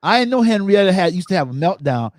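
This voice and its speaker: A man hosting a podcast in casual chat, telling funny stories with animated energy and acting out quotes. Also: sits high, quick pace, no echo. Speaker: podcast host.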